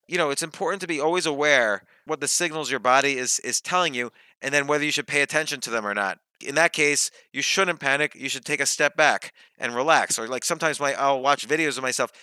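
A man who is a podcast guest and author, thinking out loud with examples and questions he puts to himself. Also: medium pitch, clean tone, no room sound, low-quality recording. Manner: thoughtful, explains with examples and self-questions. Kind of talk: reflective podcast conversation.

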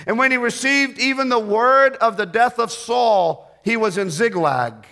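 This middle-aged preacher has a very high voice and a slightly slow delivery. He reads from scripture, retells it with expression and swings in volume, and trades jokes with the congregation.

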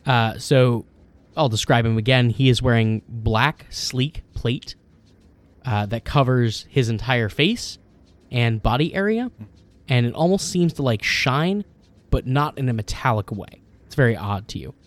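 A man runs a tabletop game, narrating scenes in detail. He pauses often and fills gaps with ums and uhs. His voice sits at an ordinary middle pitch. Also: expressive. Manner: descriptive, many fillers. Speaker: game master.

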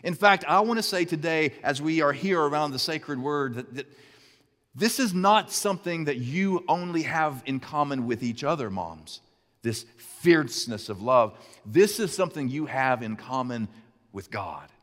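Animated preacher man, echoey hall. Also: on the high side, moderate pace. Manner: animated storytelling, conversational asides. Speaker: pastor. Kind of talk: sermon.

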